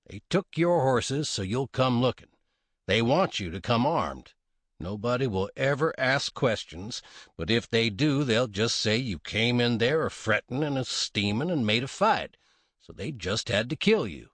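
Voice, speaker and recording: A man's voice: medium pitch, animated, measured pace, a bit bright, no echo. Man doing a drawling, sly gunman. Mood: knowing. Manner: drawling, dry, cocky. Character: laconic sly frontier gunman, male adult.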